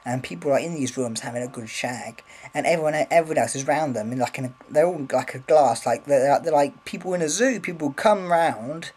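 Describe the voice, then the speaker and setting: A man's voice: a little high, brisk, few pauses, darkish tone, breathy edge, low-quality recording. A man rambling casually in a vlog, swearing freely, filming on a handheld camera. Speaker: vlogger.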